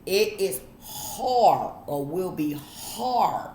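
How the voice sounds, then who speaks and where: A woman speaks in a low, unhurried drawl, lecturing her audience bluntly and swearing freely. Her voice rings in an echoey room with a faint hiss behind it. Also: expressive, mellow. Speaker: vlogger. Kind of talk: casual monologue to camera.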